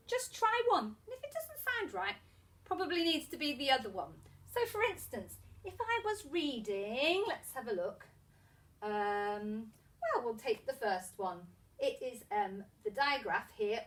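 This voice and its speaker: High bright sing-song woman teacher. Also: big pitch swings, unhurried. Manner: sing-song, encouraging instructions. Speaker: primary school teacher. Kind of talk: phonics lesson for young children.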